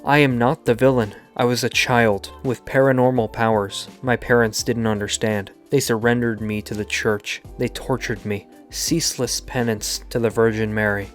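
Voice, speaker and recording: A man's voice: fairly low pitch, natural voice. A man voicing a haunted phantom woman who speaks in an earnest, urgent way.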